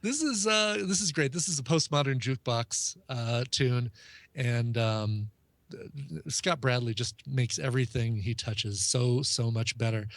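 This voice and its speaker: A man's voice: medium pitch, unhurried, a bit bright, no room sound. A man co-hosting a podcast, chatting in an easygoing way with lots of hesitations. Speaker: podcast co-host. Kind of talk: casual chat.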